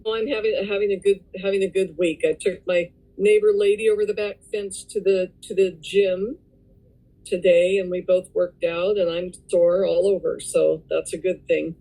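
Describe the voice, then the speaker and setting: A woman in a weight loss support group, talking slowly on a video call and often exclaiming in wonder. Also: lowish voice, fairly even intonation, low-quality recording. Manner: slow, warm-hearted, exclaims often. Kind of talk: casual video call chat. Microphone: computer mic on a video call.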